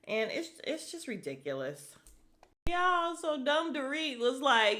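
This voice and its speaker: A woman's voice: mid-range voice, sing-song, normal speed, pushed and bright. A woman hosting a podcast, recapping a reality show in a casual, blunt way, swearing freely and laughing often. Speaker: podcast host.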